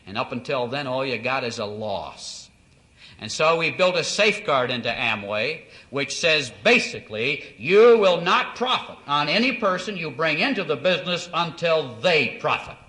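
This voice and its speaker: Male founder figure, folksy storyteller, swooping animated delivery, addressing distributors. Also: a little high, normal speed. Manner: folksy storyteller, acts out quoted dialogue. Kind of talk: motivational business speech.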